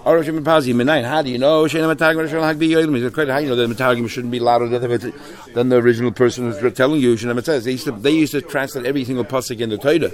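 A man leading a Talmud class, explaining texts in a loose, animated way with many restarts and Hebrew and Yiddish terms. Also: medium pitch. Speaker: Talmud teacher.

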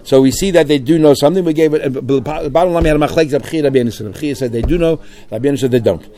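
A man's voice: on the high side, very fast, warm tone. A man teaching a Talmud class, reading phrases in the original and then explaining them in English.

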